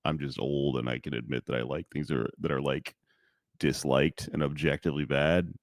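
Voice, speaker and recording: A man's voice: rumbling low, fairly even intonation, normal speed, vocal fry, no room sound, clean studio sound. A man co-hosting a podcast, talking casually in a wry, self-deprecating way. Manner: wry, self-deprecating, swings into loud bursts. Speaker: podcast co-host. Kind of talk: casual chat.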